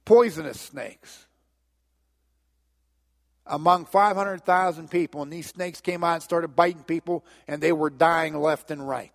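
A middle-aged man preaching in a church, telling the story with animated energy and often doubling his "and"s. His voice sits a bit high for a man. A long reverb trails behind every phrase. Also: normal speed, hardly any pauses. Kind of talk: sermon.

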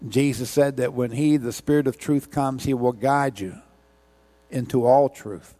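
A man's voice: medium pitch, a little slow, warm tone. A man preaching a sermon, telling a parable with a rhythmic, repetitive storytelling cadence. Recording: long hall reverb.

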